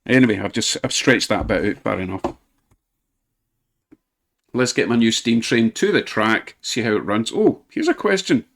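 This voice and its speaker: A man's voice: on the low side, lively intonation, normal speed, vocal fry, long pauses, a bit bright. Chatty, enthusiastic man at his train layout. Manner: chatty, enthusiastic, lightly self-mocking. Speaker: model railway hobbyist channel host. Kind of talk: casual commentary while running a model train.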